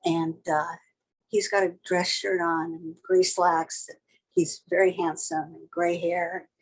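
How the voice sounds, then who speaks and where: A woman's voice: fairly low pitch, little pitch movement, slow, poor audio. An older woman, a tattoo artist, telling a vivid story in a blunt, casual and sometimes profane way.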